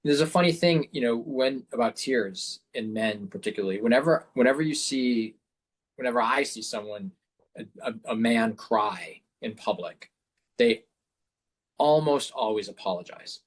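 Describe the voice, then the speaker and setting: A man's voice: medium pitch, moderate pace. A man who is a guest in a casual interview, speaking reflectively and repeating words as he searches for his phrasing.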